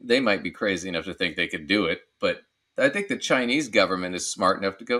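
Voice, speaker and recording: A man's voice: deep voice, quick pace, sharp tone. A man co-hosting a podcast, giving casual, joking commentary on a video clip and laughing often. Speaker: podcast co-host.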